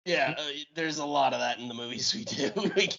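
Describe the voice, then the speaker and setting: A man's voice: on the high side, fairly quick, vocal fry, sharp tone. A man co-hosting a movie podcast, chatting casually and laughing often. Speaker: podcast co-host. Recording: slightly muffled podcast audio.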